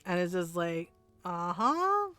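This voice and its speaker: A woman streamer chatting casually while gaming, emphatic and quick to laugh and swear. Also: mid-range voice, no room sound, faint music behind.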